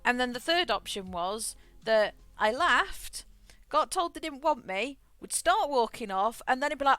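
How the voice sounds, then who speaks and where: A woman's voice: sits high, animated, a little slow, few pauses, fairly bright tone, no room sound. A woman streaming a game, chatting frankly, swearing freely and laughing often. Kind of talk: casual chat while gaming.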